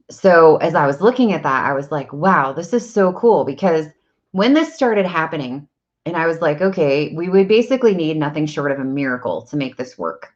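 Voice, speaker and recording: A woman's voice: low-pitched, highs cut off. A woman, an energy practitioner and coach, talking casually and at length, rambling with many fillers like "like" and "um". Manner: chatty, rambling, many likes and ums. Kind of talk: casual spiritual talk to camera.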